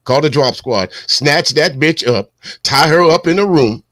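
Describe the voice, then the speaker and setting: A man's voice: on the high side, lively intonation, unhurried, a bit bright, no room sound, clean studio sound. A man from South Carolina co-hosting a casual talk, blunt, profane and fired up. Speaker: co-host. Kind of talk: casual commentary.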